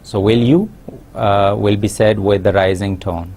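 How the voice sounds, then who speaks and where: A man giving a recorded university lesson, explaining slowly with many pauses and fillers. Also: on the low side, level tone, a little mellow. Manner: slow, explanatory, frequent uh fillers. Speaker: English lecturer.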